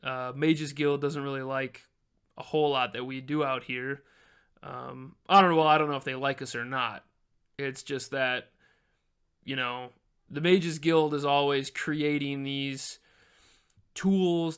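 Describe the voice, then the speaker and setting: A man's voice: mid-range voice, level tone, unhurried, a bit bright, smooth. A man narrating as game master of a tabletop game in a loose, filler-heavy way, voicing the townsfolk himself.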